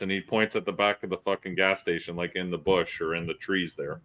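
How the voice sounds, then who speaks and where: A man's voice: fairly low pitch, moderate pace. A male podcast host, telling profane stories in casual chat. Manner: profane, animated storyteller.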